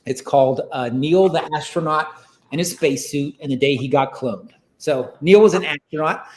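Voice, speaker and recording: A man's voice: fairly high pitch, normal speed, darkish tone, echoey room. A man telling a story in a casual, rambling way, full of fillers, as a podcast guest. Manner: rambling, many fillers like "like" and "you know".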